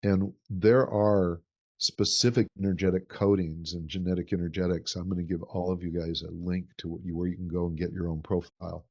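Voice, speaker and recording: A man's voice: low voice, flat delivery, brisk, a little mellow. A man teaching a workshop in an earnest way, often repeating a word as he builds his sentences. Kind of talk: teaching talk. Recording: dull lo-fi recording.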